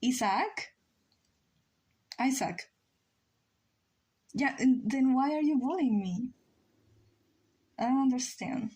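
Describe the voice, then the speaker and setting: A woman's voice: high-pitched, measured pace, long pauses, mellow, breathy edge. A young woman, a native Spanish speaker, chatting casually on a drawing stream, self-mocking, with frequent ums and laughs. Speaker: livestreamer. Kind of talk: casual stream chat reading chat messages.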